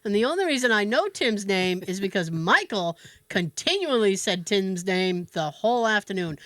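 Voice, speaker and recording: A woman hosting a podcast, telling a story in a casual, animated way with laughs and swearing. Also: mid-range voice, moderate pace, no room sound. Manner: animated, laughing, profane, with fillers. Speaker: podcast host.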